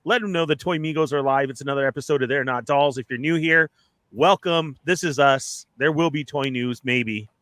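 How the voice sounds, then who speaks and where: A man co-hosting a live toy podcast in casual chat, upbeat and joking as he runs through plugs and shout-outs. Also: medium pitch, fairly quick, no room sound.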